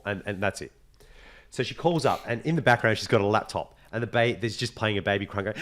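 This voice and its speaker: Man, young adult, podcast co-host, casual chat, animated, swears casually. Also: on the low side, a little fast. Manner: animated storyteller, swears casually, acts out quoted voices.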